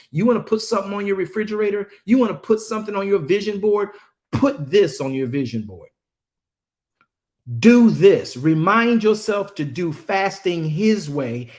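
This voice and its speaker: A man preaching a sermon with passion and emphasis, talking to his congregation in a casual way and repeating words when he gets worked up. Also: on the high side. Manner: talks straight to the congregation in casual speech.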